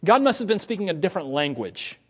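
High-voiced preacher in a reverberant hall. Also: male voice, sing-song, fast talker, slightly rough. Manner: impassioned preaching, swinging between quiet asides and loud emphasis. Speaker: pastor. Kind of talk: sermon.

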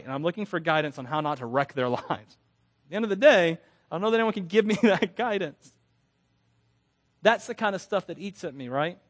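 A man giving a conversational sermon, candid and self-deprecating, often laughing between phrases and restarting words when earnest. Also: a little high. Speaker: preacher.

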